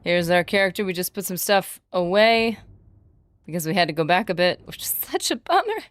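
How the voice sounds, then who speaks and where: A woman livestreaming a game, chatting excitedly and casually with her viewers. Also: lowish voice, brisk, no echo. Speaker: streamer. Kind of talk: casual livestream gaming chat.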